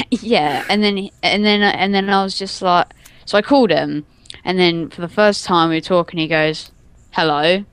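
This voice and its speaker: A woman's voice: on the low side, normal speed, clear, resonant tone. A young adult woman telling a story in casual chat, rambling and giggling, stringing everything together with "and then". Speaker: podcast co-host telling a story.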